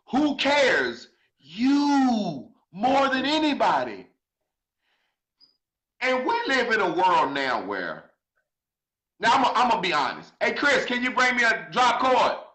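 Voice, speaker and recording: A man crying as he preaches to his viewers, swearing freely and swinging from shouts to quiet asides. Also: extremely high pitch, big pitch swings, takes it slowly, roomy sound, low-quality recording. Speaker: social media commentator. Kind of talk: emotional monologue to viewers.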